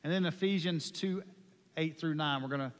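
A man preaching a sermon with passion, moving from hushed lines to loud ones. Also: on the high side, moderate pace. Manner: impassioned, swings from hushed to loud. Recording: long hall reverb.

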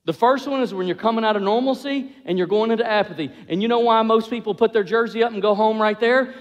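A man preaching a sermon, animated, acting out the voices of couples as he goes. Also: very high voice. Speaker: pastor. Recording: long hall reverb.

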